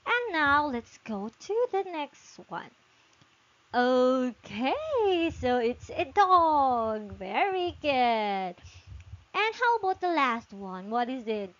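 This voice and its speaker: A woman teaches a young child in an online lesson, slow and sing-song, stretching each word and heaping on praise. Her voice sits high and swoops widely. The sound is dull and lo-fi, like a video call.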